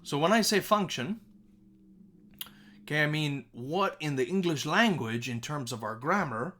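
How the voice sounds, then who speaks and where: Animated man teaching a lesson. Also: a little slow. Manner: frequent checking "okay?", repeats words to demonstrate pitch; animated, sing-song emphasis. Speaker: music teacher. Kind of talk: recorded classroom lesson.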